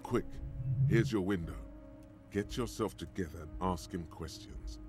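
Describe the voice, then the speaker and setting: A man's voice: low-pitched, measured pace, over music. A man voicing a mocking inner voice that narrates a video game in a dramatic, taunting way. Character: man's mocking inner voice narrating his panic.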